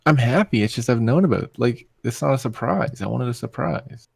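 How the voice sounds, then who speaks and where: A young man co-hosting a podcast, talking casually and sounding a bit flat and disappointed. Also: medium pitch, fairly quick, vocal fry, husky, no room sound, studio quality. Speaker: podcast co-host. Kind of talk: casual esports chat.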